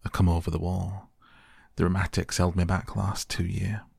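A man reads as a blunt old gardener with a dry, gruff manner. The voice sits very low and gravelly, with a husky edge, in a dry, close sound. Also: little pitch movement, moderate pace, a little mellow, no room sound, full character voice.

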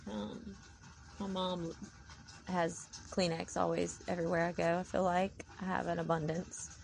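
A woman's voice: fairly low pitch, little pitch movement, measured pace, gravelly, poor audio. A woman with a tired voice chatting casually and devoutly in a rambling vlog. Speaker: vlogger. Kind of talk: casual faith-filled chat.

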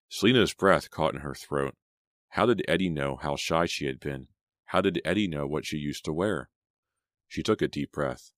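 A man narrating an audiobook in a low, hushed storytelling manner. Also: fairly even intonation, moderate pace, no echo, studio quality. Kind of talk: scripted narration.

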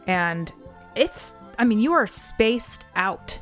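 A woman's voice: mid-range voice, animated, slow pace, fairly bright tone, soft background music. A woman co-hosting a casual podcast chat in an easygoing, conversational way. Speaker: podcast co-host.

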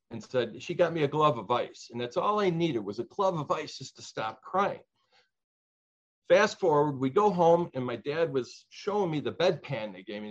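An older man from Chicago, recounting childhood memories in an interview, earnest and reflective, pausing and restarting often. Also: medium pitch. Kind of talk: personal storytelling interview. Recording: slightly dull lo-fi sound.

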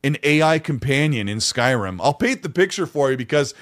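A man co-hosting a casual podcast, telling stories in an animated, rambling way with many restarts. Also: medium pitch, fairly quick. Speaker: podcast co-host.

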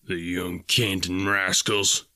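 A man voicing a stern, quick-tempered older male farmer who talks in a gruff, sardonic way. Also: deep voice, flat delivery, bright, forceful tone, no room sound, clean studio sound, full character voice. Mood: angry.

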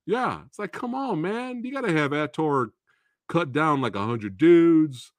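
A man's voice: fairly high pitch, measured pace, no echo, clean studio sound. A man hosting a live movie Q&A, ranting casually with frequent swearing and laughter. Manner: animated, profane, laughs often, restarts.

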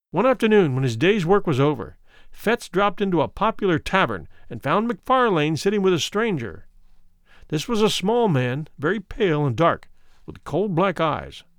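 A man narrating a classic horror tale with an expressive, varied delivery. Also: a little high, no echo, studio quality. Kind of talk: dramatic audiobook narration.

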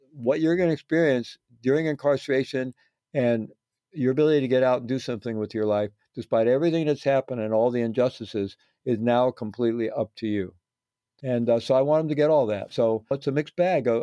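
A man's voice: medium pitch, mellow, no room sound, highs cut off. A man talking as an interview guest, earnest and reflective, often restarting words and adding "right?" tags. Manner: earnest, repeats words, adds tag questions. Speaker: guest, former prisoner teaching meditation practice.

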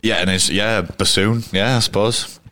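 A man's voice: on the low side, steady tone, normal speed, bright, forceful tone, no echo. A man with a Yorkshire accent, a cricketer as interview guest, telling rambling, blunt stories full of restarts. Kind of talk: casual interview storytelling. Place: pub.

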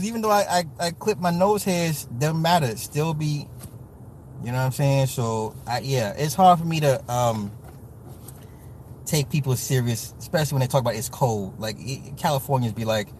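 A man from the US Midwest hosting a casual livestream, talking to chat with profane, joking, animated rants. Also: mid-range voice, a little hiss or hum. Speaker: livestream host reading chat.

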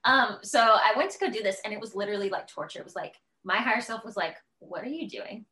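A woman's voice: medium pitch, fast talker, rough recording. A woman guest on a podcast, speaking openly and with animation, often acting out the harsh voices in her head. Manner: open, animated, acts out her inner voices. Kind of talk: candid conversational interview.

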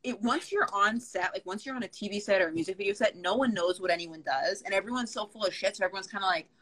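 A woman's voice: medium pitch, quick pace, fairly bright tone, low-quality recording. A young woman co-hosting a casual chat, telling a long story with lots of "like" and plenty of swearing. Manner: rambling, lots of "like", swears freely. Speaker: podcast co-host.

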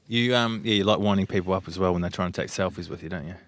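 A man's voice: low voice, very fast, a bit bright, dry recording. A man with an English accent hosting a rugby podcast, teasing his guest, laughing often and asking probing questions. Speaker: podcast host, interviewer. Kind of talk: casual interview. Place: small studio.

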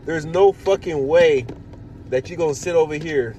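A man hosting a podcast in casual chat, telling profane, animated stories. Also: fairly high pitch, moderate pace, a little hiss or hum. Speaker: podcast host.

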